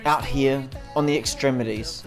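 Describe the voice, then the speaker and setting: Brief: male travel vlogger, medium pitch, dry humor, casual and upbeat. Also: fairly even intonation, normal speed, faint music behind. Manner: wry, upbeat, self-mocking. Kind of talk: casual vlog talk and scripted voice-over. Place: outdoors on a hike.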